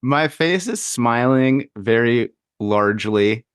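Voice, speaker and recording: A man's voice: mid-range voice, lively intonation, slow, smooth, dry recording, clean studio sound. A man hosting a podcast interview, speaking thoughtfully with restarts and light laughter. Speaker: podcast host.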